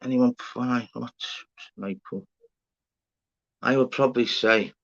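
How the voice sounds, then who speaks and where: A man's voice: mid-range voice, fairly even intonation, slow, gravelly. A middle-aged Scouse man chatting casually on a livestream, swearing freely and calling his viewers mate and fella. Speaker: livestream host. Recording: slightly dull lo-fi sound.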